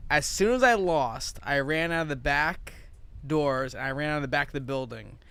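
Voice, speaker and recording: A man's voice: fairly high pitch, normal speed, vocal fry, a bit bright, clean tone. A man hosting a podcast in casual chat, telling stories animatedly, acting out quotes and swearing freely, recorded outdoors. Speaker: podcast host.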